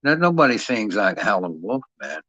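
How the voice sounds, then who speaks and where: A man's voice: lowish voice, very animated, normal speed, pushed and bright, slightly rough, no echo. A man talking casually and profanely at length, rambling and ending his sentences with "man". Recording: dull lo-fi dry sound.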